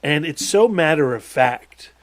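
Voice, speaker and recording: A man's voice: fairly high pitch, animated, unhurried. A man co-hosting a casual film podcast, speaking earnestly with hesitant starts. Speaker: podcast co-host.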